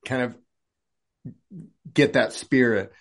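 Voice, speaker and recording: A man hosting a podcast, talking casually and sharing his own experience in a relaxed way. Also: medium pitch, takes it slowly, slight background noise. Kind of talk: casual conversation.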